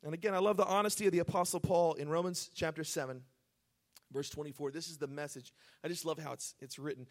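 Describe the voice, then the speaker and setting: A man pastor preaching a sermon, earnest, moving between hushed pleading and loud emphatic urging. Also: high-pitched, fast.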